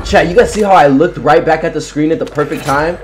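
A young man streaming a video game talks to his viewers in a loose, teasing way, full of slang and trash talk. He keeps repeating the same short phrases. His voice sits fairly high for a man, with a faint hiss behind it. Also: fast. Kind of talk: casual live-stream chat.

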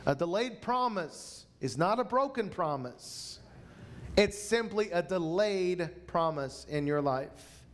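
A man, a pastor, preaching a sermon to a church congregation in an emphatic way, slowing down to repeat key lines. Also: sits high, expressive.

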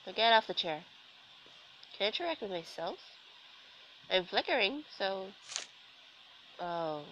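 A young woman, sick with a sore throat, chats through a casual let's-play, commentating a video game with sarcastic, self-deprecating asides. Her mid-range voice swings widely in pitch at a measured pace, sounding a bit bright. The lo-fi recording carries slight background noise.

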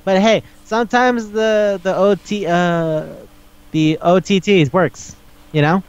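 Animated man recapping manga, smooth voice. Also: high-pitched, slow pace, dull audio. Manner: animated recapping, acting out quotes, swears freely. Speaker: podcast co-host. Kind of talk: casual chat.

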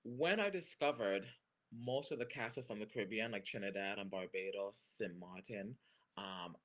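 A man in his thirties, a stage performer, gushing in a casual interview and laughing often. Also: on the low side. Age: 30s. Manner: animated, gushing, quick to laugh.

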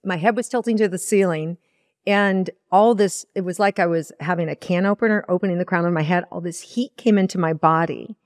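In a podcast interview, an Iowa woman who works as a spiritual teacher tells a personal story, speaking briskly in a lowish voice. She earnestly acts out her former words and quoted inner thoughts, in a studio-quality recording with no room sound.

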